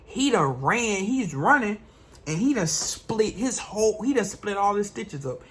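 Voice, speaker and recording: A young man, a vlogger, tells a personal story in an animated, slangy way. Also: high voice, measured pace, husky. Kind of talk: storytime vlog.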